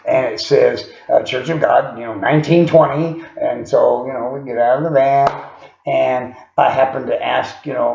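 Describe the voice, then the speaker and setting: A man with a gravelly voice tells a personal story in a loose, rambling way, padding it with fillers and small chuckles. His pitch sits in an ordinary middle range. The recording is echoey and dull, with a lo-fi sound. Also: fairly even intonation, normal speed, a little mellow.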